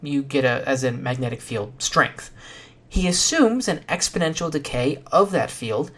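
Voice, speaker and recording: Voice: mid-range voice, expressive, moderate pace. A podcast host giving a solo science explanation in a casual, dry and sardonic way, with some fillers.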